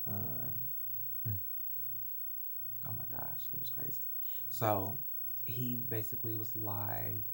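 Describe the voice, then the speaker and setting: A man's voice: lowish voice, gravelly, warm tone, a little hiss or hum. A young man telling a painful personal story to camera in an emotional, rambling and apologetic way. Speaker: vlogger.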